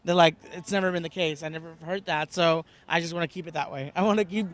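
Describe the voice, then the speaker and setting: Young guy talking quick and high, animated, laughs a lot in an interview. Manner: animated, laughs often, acts out quotes. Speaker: actor and guest. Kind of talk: casual interview chat.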